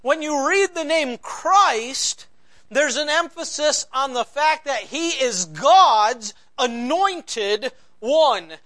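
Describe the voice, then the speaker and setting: Pastor, male, very high voice, slow deliberate sermon delivery that rises to loud stresses and drops to hushed lows. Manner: preaching with sweeping swings from loud emphasis to near-whispered lows; slow deliberate repetition of key phrases.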